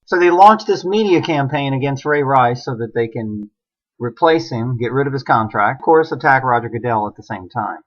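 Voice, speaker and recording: A middle-aged man holds forth in a heated solo rant, hammering his points with one rhetorical question after another. His voice sits at an ordinary mid pitch, and the recording is dull and lo-fi. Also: animated, moderate pace. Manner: ranting, emphatic, many rhetorical questions. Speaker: online commentator. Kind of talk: impassioned solo monologue.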